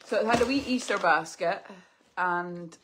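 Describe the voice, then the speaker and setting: A woman in her thirties, teary and soft-spoken as she chats through opening parcels live. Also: lowish voice, measured pace, background noise. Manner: tearful, soft-spoken, sniffly. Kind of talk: emotional live unboxing chat.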